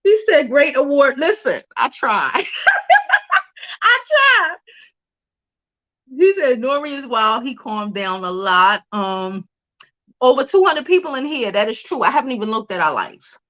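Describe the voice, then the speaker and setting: Chatty woman with a lively pitch. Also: moderate pace, lo-fi sound. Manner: chatty, laughs often, curses freely. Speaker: host of a celebrity news livestream. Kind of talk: casual livestream chat.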